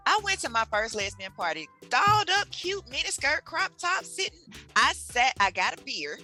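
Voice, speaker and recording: A woman's voice: sits high, very animated, moderate pace, pushed and bright, soft background music. A woman with a Southern US accent, a guest author telling stories in a casual chat, acting out voices and laughing often. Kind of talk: animated storytelling in casual chat.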